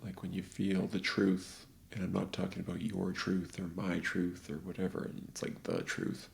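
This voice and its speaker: A man hosting a podcast, casually and excitedly retelling a film with lots of "like" fillers. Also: low-pitched, normal speed, gravelly. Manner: rambling, animated movie retelling full of "like". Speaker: podcast host.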